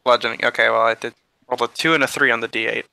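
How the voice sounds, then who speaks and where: Player, chatty and playful, bright tone, dry room. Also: medium pitch, fairly even intonation, fast, creaky, no room sound, low-quality recording. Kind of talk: casual chat at a tabletop game.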